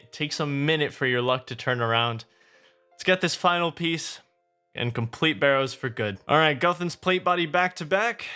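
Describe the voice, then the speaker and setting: A young man giving chatty, excitable gameplay commentary to his viewers as a video creator. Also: on the high side.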